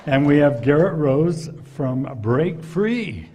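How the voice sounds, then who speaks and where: A man's voice: fairly high pitch, animated, slow, dark tone, a little hiss or hum. A man moderating a conference panel, introducing the panelists in an upbeat, jokey way.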